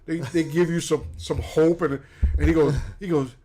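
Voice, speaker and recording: Male host, slightly high voice, lively storyteller acting out quotes. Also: moderate pace. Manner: animated storyteller, acts out quotes, laughs. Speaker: livestream host, former paratrooper. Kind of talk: casual storytelling.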